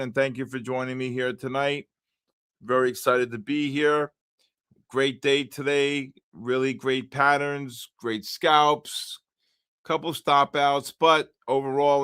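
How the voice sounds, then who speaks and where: An older man hosting a live trading stream, chatting casually, greeting viewers by name and breaking into loud exclamations. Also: mid-range voice, steady tone, a little slow, smooth. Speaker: livestream trading host.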